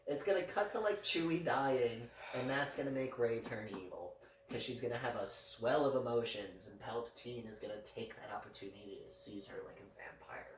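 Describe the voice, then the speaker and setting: A man's voice: medium pitch, normal speed. Joking young man on a roomy podcast. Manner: joking, jumps into goofy quoted voices. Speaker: podcast co-host. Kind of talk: casual chat. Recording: roomy echo, mic at a distance, faint hum.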